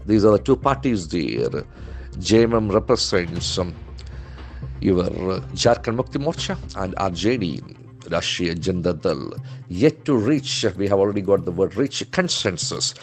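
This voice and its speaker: Brief: male trainer, lowish voice, methodical spell-and-pronounce delivery, soft music behind. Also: sing-song, unhurried. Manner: spells words letter by letter and models pronunciation. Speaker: English trainer. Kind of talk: newspaper vocabulary lesson.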